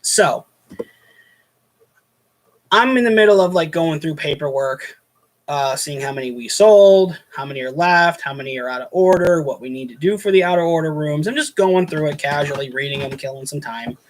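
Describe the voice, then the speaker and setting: High-voiced man telling an exasperated work story. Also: expressive, moderate pace. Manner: rambling, exasperated, many restarts. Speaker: host recounting his hotel night-desk job. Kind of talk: casual storytelling monologue.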